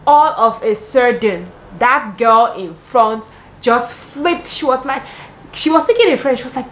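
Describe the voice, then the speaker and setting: A young woman with a Cameroonian English accent, telling dating stories casually in an animated, dramatic way with exclamations. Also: fairly high pitch, unhurried, a little hiss or hum. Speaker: vlogger. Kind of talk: casual storytelling. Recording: roomy echo, faint ambience.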